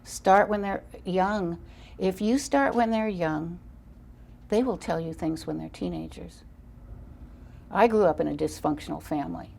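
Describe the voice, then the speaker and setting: A woman's voice: fairly low pitch, measured pace, creaky, a little mellow. An older woman as an interview guest on parenting, telling stories in an earnest, emphatic way. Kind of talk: interview storytelling.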